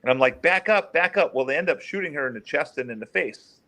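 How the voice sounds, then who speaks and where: A middle-aged man, a former police officer, telling case stories in an interview and acting out the quoted voices. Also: quick pace. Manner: animated, acts out quotes in raised pitch. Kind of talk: storytelling in an interview.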